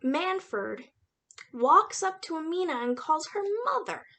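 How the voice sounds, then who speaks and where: A woman's voice: very high voice, sing-song, slow, creaky, pushed and bright. A young woman casually retelling a novel's plot in a chatty, slangy book review vlog, with lots of fillers. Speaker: book reviewer and aspiring writer.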